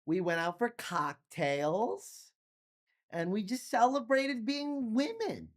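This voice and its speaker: Drunk young woman, slow and defensive, as a man puts her on. Pitch moves a lot. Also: lively intonation. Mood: tipsy, vague. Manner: slow, drawn-out and vague.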